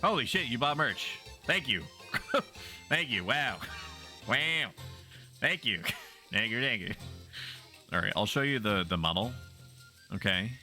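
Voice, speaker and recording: A man's voice: mid-range voice, animated, slow, long pauses, sharp tone, faint music behind. A man streaming a game, chatting playfully and bawdily with his viewers in a teasing, casual way. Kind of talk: casual gaming commentary.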